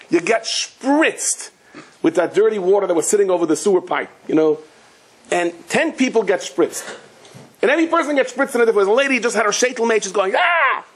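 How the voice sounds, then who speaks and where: A man, a rabbi teaching a Torah class, telling stories and acting out the voices of the people in them. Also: husky. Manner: storytelling, acting out voices with swings of pitch.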